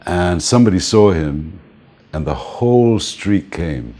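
An older man, a music manager, telling anecdotes in an interview, animated, laughing often and acting out the people he quotes. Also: low voice, a little slow.

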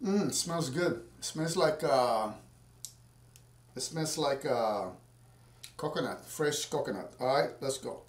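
In a casual cooking vlog, a man mixes a drink at home and rambles to his viewers in a mid-range, expressive voice. He talks slowly with frequent pauses, and the sound is roomy, recorded from a distance from the mic.

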